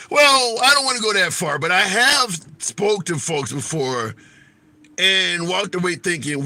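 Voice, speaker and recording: A man with a high-pitched, expressive voice hosts a casual livestream at a moderate pace, reading and answering comments and taking callers. His tone is pushed and bright, the recording is dry, and he's blunt and colloquial, laughing at his own jokes as he shares opinions.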